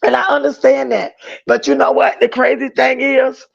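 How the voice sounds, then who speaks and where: A man's voice: extremely high pitch, lively intonation, moderate pace, vocal fry, highs cut off. A man hosting a livestream, chatting and gossiping casually as he reads viewer comments and greets each one as boo. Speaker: livestream host.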